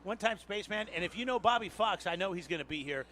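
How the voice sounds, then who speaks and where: A man hosts a live radio wine chat, talking quickly in an upbeat, promotional way. His voice is bright and a bit high, and a faint noise sits behind it. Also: expressive. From Washington State. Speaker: radio host. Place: outdoor live broadcast at a market square.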